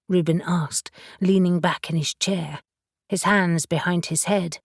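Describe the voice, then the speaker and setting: A woman narrating a fantasy audiobook in a steady storytelling manner. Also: on the low side, a little slow, gravelly, dry recording, studio quality. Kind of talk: scripted narration.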